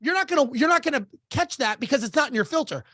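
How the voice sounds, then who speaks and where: Animated male storyteller, dry sound. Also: very high voice, fast talker, no room sound. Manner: animated, acts out dialogue, swears casually. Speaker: podcast guest, business coach. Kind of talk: storytelling in a podcast interview.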